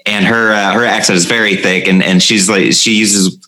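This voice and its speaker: A man hosting a comedy podcast in casual chat, laughing a lot and speaking in halting phrases. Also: fairly low pitch, fairly even intonation, pushed and bright, poor audio. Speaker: podcast host.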